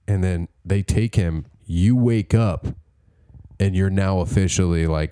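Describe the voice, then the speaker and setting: A man's voice: deep voice, a little slow, mellow, clear, resonant tone. Rambling young man telling a comic story. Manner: rambling, joking storyteller who acts out bits and laughs a lot. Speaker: podcast co-host. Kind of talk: casual chat.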